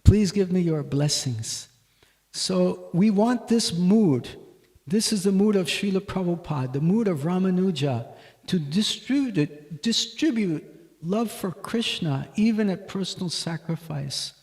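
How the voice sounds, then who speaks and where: A man giving a devotional class at a temple, teaching in a measured way and telling stories. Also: high-pitched. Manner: measured teaching, voice rising loudly for quoted shouts. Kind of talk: devotional lecture with storytelling. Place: temple hall.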